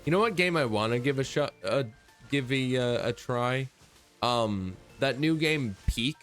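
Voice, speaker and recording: A man's voice: mid-range voice, animated, unhurried, a bit bright, faint music behind. A man chatting casually on a stream, rambling and laid-back and swearing freely.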